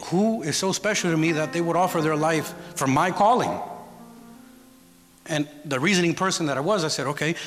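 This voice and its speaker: A man giving a sermon as guest preacher, telling a personal story in a conversational way and often checking in with the congregation. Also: a little high. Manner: storytelling, conversational, asks the audience "right?". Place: church hall with congregation. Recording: church hall reverb with music.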